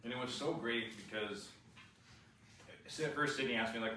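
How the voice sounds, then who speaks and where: A man sharing a personal testimony, animated and restless, full of fillers and restarts. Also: on the low side, brisk. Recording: echoey room, far from the mic, faint noise.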